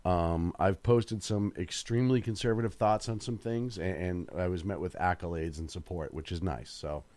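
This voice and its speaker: A man with a low voice co-hosts late-night talk radio. He stumbles through fillers and restarts on his way to firm opinions, recorded close and dry. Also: moderate pace, darkish tone, dry recording. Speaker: radio talk show co-host. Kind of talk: casual talk radio discussion.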